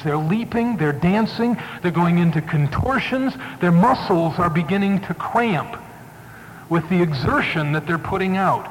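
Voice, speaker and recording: Male preacher, fairly high voice, dramatic sermon storytelling, echoey hall. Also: a little hiss or hum. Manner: dramatic storytelling, varied emphasis.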